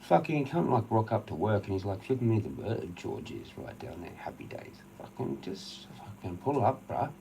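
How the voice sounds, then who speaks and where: A man's voice: lowish voice, sing-song, normal speed, vocal fry, few pauses, warm tone, a little hiss or hum, poor audio. A man with an Australian accent, ranting on a livestream, swearing heavily and rambling through an agitated story. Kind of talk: casual rambling rant.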